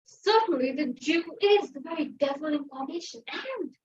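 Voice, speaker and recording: A teenage girl reciting a Shakespeare monologue dramatically, shifting between loud and hushed voices. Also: high voice, expressive, moderate pace. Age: teen. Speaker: student monologue performer. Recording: echoey, dull lo-fi, far from the mic.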